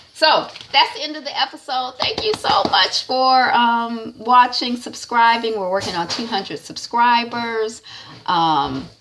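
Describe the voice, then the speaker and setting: A woman's voice: a little high, a bit bright, slight background noise. A woman giving a casual, chatty recap of a TV episode, with lots of fillers. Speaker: TV recap vlogger.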